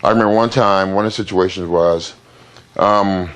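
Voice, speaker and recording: A man in an interview, speaking plainly and haltingly about his past, with many fillers and repeated words. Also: low-pitched, steady tone, a bit bright, clear, resonant tone. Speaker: interview guest. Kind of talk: candid interview storytelling.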